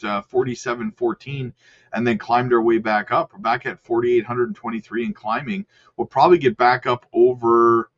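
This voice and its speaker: A man's voice: medium pitch, highs cut off. Upbeat man talking through crypto charts. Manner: chatty, upbeat, addresses viewers as guys. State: hiccups. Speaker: crypto market commentator. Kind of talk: casual chart commentary.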